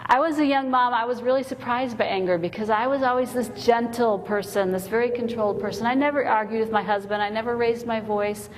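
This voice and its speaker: A woman's voice: a little high, brisk, few pauses. Woman speaker with comic timing in a hall. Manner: storytelling, comic timing, earnest. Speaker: Christian women's speaker. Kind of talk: humorous inspirational talk. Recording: long hall reverb, faint noise.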